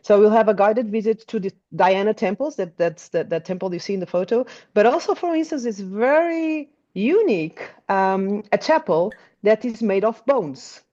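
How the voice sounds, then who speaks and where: A woman's voice: medium pitch, expressive, normal speed, few pauses, dark tone, highs cut off. A woman with a Portuguese accent, a tour guide chatting in an interview, hesitant with many restarts. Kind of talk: casual interview chat.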